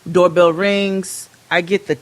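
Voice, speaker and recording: A woman co-hosting a podcast, telling a story in a casual, profane and animated way and acting out both sides of it. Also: on the low side, takes it slowly. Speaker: podcast co-host.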